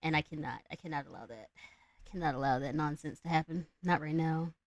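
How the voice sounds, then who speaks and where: A young adult woman tells a fairy tale on a live stream in a deep voice, speaking fairly quickly with no echo. Her casual storytelling rambles and is full of slang and profanity.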